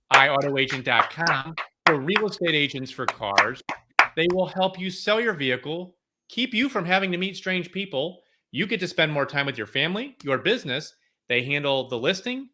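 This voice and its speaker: Male podcast host, high-ish bright voice, lively hype delivery. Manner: energetic and playful, leaning on hype. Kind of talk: upbeat podcast banter and sponsor reads.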